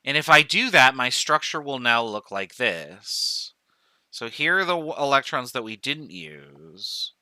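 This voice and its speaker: A man gives a recorded chemistry lecture in a very bright, crisp and smooth voice. He talks through each step aloud, counting off items and correcting himself as he goes. The sound is dry and close. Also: medium pitch, big pitch swings, measured pace, no room sound. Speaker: chemistry professor.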